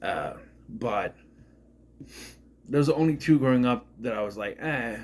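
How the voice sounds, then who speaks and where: Rambling man with lively pitch. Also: moderate pace. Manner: rambling, retells scenes acting out quotes. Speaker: movie reviewer. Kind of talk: casual spoken movie review.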